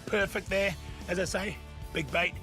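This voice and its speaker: A man's voice: high voice, moderate pace, music in the background, lightly acted. A man with a New Zealand accent playing a blokey, enthusiastic fishing show presenter in a comedy sketch, full of laid-back banter. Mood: matey. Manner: laid-back blokey banter, excitable when fish bites.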